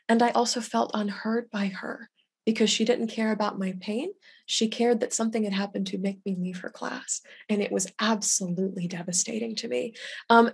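A young adult woman hosting a webinar on loss, speaking gently and with validation as she reads out chat comments over a video call. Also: mid-range voice, husky. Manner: gentle and validating, quotes others' words aloud. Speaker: grief educator hosting a webinar.

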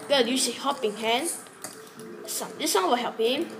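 A woman's voice: high voice, normal speed, gravelly, fairly bright tone, slight background noise. A woman giving casual gameplay commentary in rambling, broken English, chatting to herself and the viewers as she plays. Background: game music.

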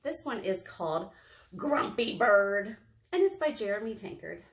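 Animated woman leading children's storytime. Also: mid-range voice, fairly quick, gravelly. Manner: animated and encouraging, talking to young children. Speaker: children's librarian. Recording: roomy echo.

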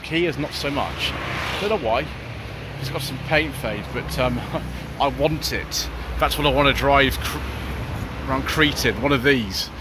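A British man hosting a car channel, chatting enthusiastically to viewers as he walks along the street spotting cars. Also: mid-range voice. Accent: British English. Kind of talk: walking car-spotting vlog. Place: outdoors on town streets. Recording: outdoor street noise.

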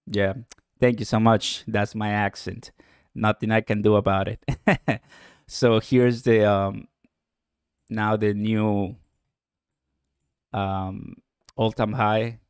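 A man hosting a casual live stream about cryptocurrency from home in the morning, excitable and chatty, laughing often and talking straight to his viewers. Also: lowish voice, clear, resonant tone, dry recording, studio quality. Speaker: crypto livestream host.

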